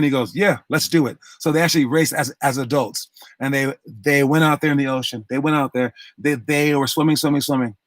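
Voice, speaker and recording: A male basketball coach gives a motivational talk, telling a long story and acting out each character's lines. He restarts his phrases often, at a mid pitch. The sound is dry, with no room echo. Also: a little fast. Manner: retells a story with acted-out quotes and many restarts.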